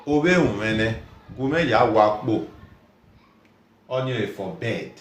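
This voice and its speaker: A man with a mid-range voice leads a language lesson at an unhurried pace. He says each word over and over for learners to copy and stops to read out viewers' comments. The room around him gives his voice a noticeable echo. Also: lowish voice, lively intonation. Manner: slow, repeats words for learners to copy. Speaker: language teacher. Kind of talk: teaching a language lesson live.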